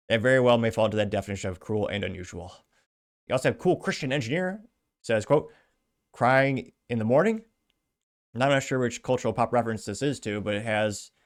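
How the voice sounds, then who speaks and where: A man hosting a commentary podcast, reading out news and comments with sarcastic, wry asides. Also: on the low side. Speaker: podcast host.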